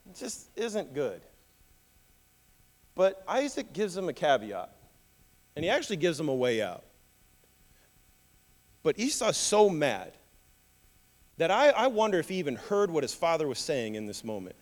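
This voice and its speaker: A male pastor preaching a sermon, telling the story in an animated way with humorous asides. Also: a little high, measured pace, pauses often, big-room sound.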